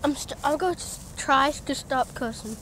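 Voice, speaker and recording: Speaking a little slowly in a high-pitched, fairly bright voice, a teen girl shows off her house indoors and out. It's a noisy home video shot on a handheld phone, full of casual rambling and distracted asides.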